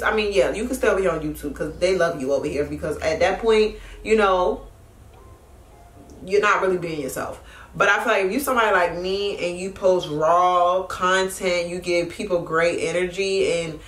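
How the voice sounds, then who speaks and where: A woman's voice: medium pitch, normal speed, a bit bright, far from the mic. A young woman vlogger chatting casually and frankly while getting ready, with lots of swearing and fillers. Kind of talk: casual get-ready-with-me chat. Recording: echoey room sound.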